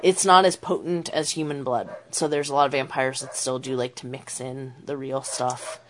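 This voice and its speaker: Low voiced woman rambling on a podcast, lots of ums, relaxed and chatty. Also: normal speed, a little hiss or hum. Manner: chatty, many "um" fillers, laughs easily. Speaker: podcast co-host. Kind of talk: casual chat.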